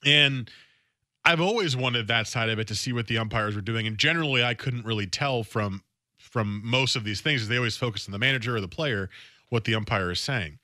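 A man's voice: medium pitch, brisk, bright, forceful tone, dry recording, clean studio sound. A man hosting a sports talk radio show, talking in a casual, opinionated way and often repeating words as he thinks aloud. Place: radio studio.

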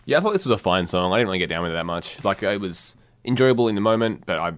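A man giving frank, low-key opinions in a casual music review chat. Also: expressive, rapid-fire, no echo.

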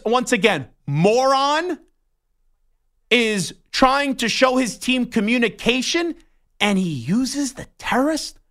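A man's voice: very high voice, sharp tone. Fired-up young man ranting on air. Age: young adult. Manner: indignant, worked up, ranting. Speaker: sports radio host. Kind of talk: heated talk-show rant.

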